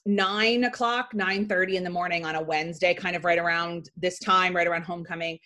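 A woman in her forties hosting a podcast, chatting casually through a story with frequent "like" fillers and lively asides. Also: lowish voice, fairly quick. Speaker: podcast host.

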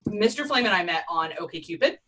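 A woman's voice: medium pitch, animated, fairly quick, a bit bright. A woman, co-hosting a casual chat over a call with wry quips and plenty of swearing. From Philadelphia, US. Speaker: podcast co-host. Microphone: remote call recording.

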